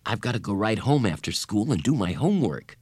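A man voicing a gentle, earnest young schoolboy who speaks mildly and reasonably. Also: on the low side, sing-song, brisk, breathy edge, dry recording. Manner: mild, reasonable, soft-spoken.

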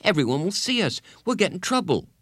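Brief: a man doing a sulky, bossy little schoolboy, high and lively, storybook reading. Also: brisk, dry recording, clean studio sound, heavily acted. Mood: defiant. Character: grumpy defiant young schoolboy.

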